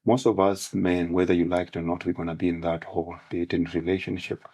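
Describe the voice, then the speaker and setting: Deep, gravelly-voiced man; storytelling podcast guest, teaches through analogies. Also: flat delivery, fast talker, darkish tone. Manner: preaching in parables and analogies. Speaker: guest speaker on manhood.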